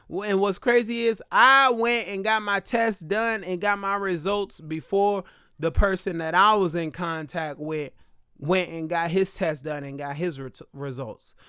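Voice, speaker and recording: Slow, smooth-voiced young man telling a comic story. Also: on the high side, no room sound, studio quality. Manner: animated, exaggerated, slang-heavy, dramatic pauses. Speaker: comedian vlogger.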